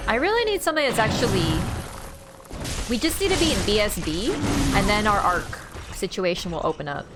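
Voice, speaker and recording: A woman streaming a video game, chatting casually, excitable and laughing, swearing freely. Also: medium pitch, moderate pace, over music. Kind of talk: casual gameplay commentary.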